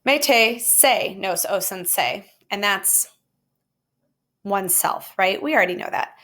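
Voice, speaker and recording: A woman's voice: medium pitch, animated, slow, a bit bright. A woman teaching a recorded Spanish grammar lesson with jokey, playful asides.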